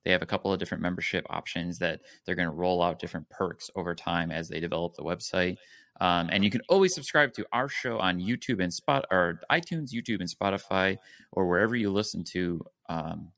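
A man with a lowish voice hosts a casual gaming podcast. He steers the talk and reads out plugs. The recording is dry and close. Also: fairly quick, creaky, fairly bright tone, no echo. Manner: runs the show, reads housekeeping plugs. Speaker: podcast host.

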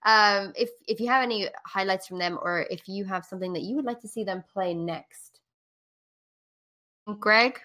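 A woman hosting a casual podcast, upbeat and chatty and quick to laugh. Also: mid-range voice, sharp tone. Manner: upbeat, laughs often, many filler sounds. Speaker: podcast host. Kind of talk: casual chat.

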